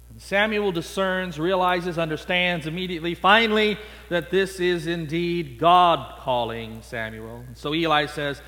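A man preaching a sermon, telling a story in a playful, animated way. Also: a little high, unhurried, few pauses, soft background music. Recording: long echo in a large hall.

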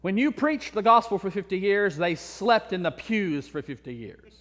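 High-voiced preacher in a reverberant church. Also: male voice, lively intonation, moderate pace, fairly bright tone. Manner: storytelling, acts out characters' voices. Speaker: pastor. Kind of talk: sermon with a told joke. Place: church sanctuary.

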